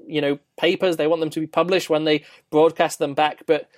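A man's voice: on the high side, little pitch movement, a little fast, no echo. Rambling man reviewing a book, dry sound. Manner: rambling, many fillers and restarts. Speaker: podcast host reviewing a book. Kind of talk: casual unscripted book review.

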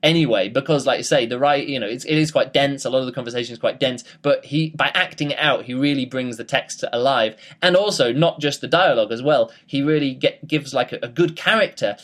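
A man's voice: mid-range voice, brisk, hardly any pauses, fairly bright tone. A man giving a casual spoken book review, rambling with many fillers and restarts.

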